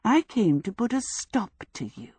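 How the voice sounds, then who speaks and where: A woman reading an audiobook, voicing a haughty, menacing witch who talks in a cold, low hush. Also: very animated, a little slow, slightly rough, no room sound, heavily acted. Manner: cold, contemptuous, hushed and low. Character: haughty menacing female witch, grand lady. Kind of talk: audiobook character voice.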